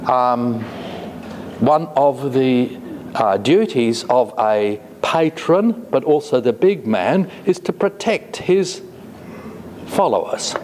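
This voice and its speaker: A man giving a classroom lecture, speaking deliberately with frequent fillers and reading phrases slowly before explaining them. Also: medium pitch, animated, darkish tone. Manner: deliberate, halting with many fillers; reads Hebrew slowly, then glosses it. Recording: echoey hall with faint noise.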